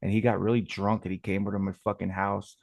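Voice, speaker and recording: A man's voice: fairly low pitch, little pitch movement, quick pace, gravelly, a little mellow, no room sound. A man calling in to a talk show, telling long rambling stories and swearing constantly. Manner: profane, rambling storytelling. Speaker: caller. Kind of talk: casual call-in chat.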